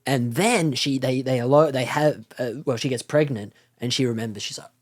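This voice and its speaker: A man's voice: mid-range voice, moderate pace. A man from Australia, a comedian guest on a podcast, rambling through a comic story and laughing often as he talks. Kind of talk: casual podcast chat.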